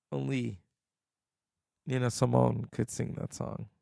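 A man hosting, giving halting, enthusiastic commentary after a played clip. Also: medium pitch, creaky, dark tone, no room sound, clean studio sound. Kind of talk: casual commentary.

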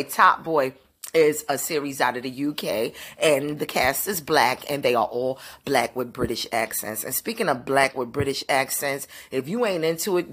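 A woman's voice: low-pitched, breathy edge. A woman in her thirties hosting a podcast in candid, enthusiastic casual chat. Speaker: podcast host.

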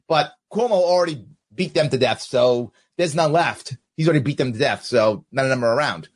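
A man's voice: mid-range voice, normal speed. A man hosting his own political podcast, talking straight to his viewers in casual commentary and reading out their comments. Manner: animated, talks straight to viewers, reads out comments. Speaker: podcast host.

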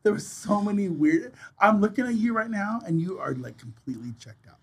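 A man co-hosting a casual movie review chat, excitable, gushing and swearing freely. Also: high-pitched, a little fast, husky. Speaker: podcast co-host.

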